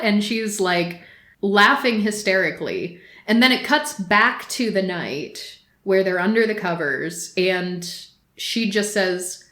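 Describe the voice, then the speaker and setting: A woman's voice: mid-range voice, measured pace, bright, forceful tone, reverberant. A woman co-hosting a podcast, talking casually and animatedly with exasperation and frequent laughs. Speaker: podcast co-host.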